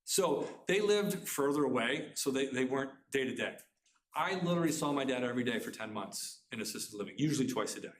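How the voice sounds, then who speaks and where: A middle-aged man telling a personal family story to a live audience, talking fast and earnestly, often restarting his sentences. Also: medium pitch, animated, slight background noise. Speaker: author giving a talk. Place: community center room. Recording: roomy hall sound.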